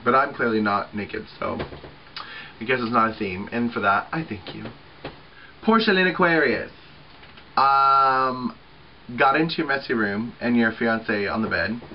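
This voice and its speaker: A man's voice: medium pitch, muffled recording, slight background noise. A man in his thirties chatting casually to camera for a group channel, talking freely with lots of swearing and filler words. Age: 30s. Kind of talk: casual weekly video chat.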